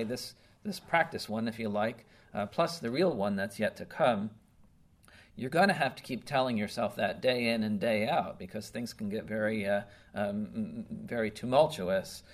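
A man's voice: fairly low pitch, moderate pace. A man preaching a conversational sermon, earnest and emphatic, often checking in with "okay?" and "right?". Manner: earnest, emphatic, with some restarts.

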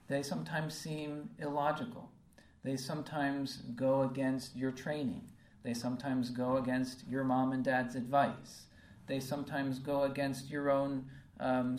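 A man's voice: medium pitch, darkish tone. A man preaching a sermon, earnest and repetitive, often checking in with "okay?" as he reads and explains scripture. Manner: earnest, repeats phrases, frequent "okay?" check-ins. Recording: roomy and distant from the mic.

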